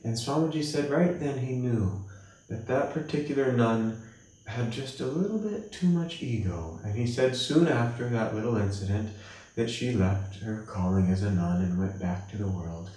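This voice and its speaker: A man giving a spiritual class, telling stories gently and acting out the voices of the people in them. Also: normal speed. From United States. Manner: gentle, storytelling, acts out quoted voices with rising pitch. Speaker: class teacher at a monastery. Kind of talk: spiritual class talk with acted anecdotes. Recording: echoey room from a distance.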